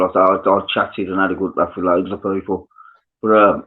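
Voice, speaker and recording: A man chatting excitedly on a live panel, restarting his sentences and swearing. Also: fairly low pitch, fairly quick. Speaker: panel guest. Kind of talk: casual live panel chat. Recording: tinny phone-line audio.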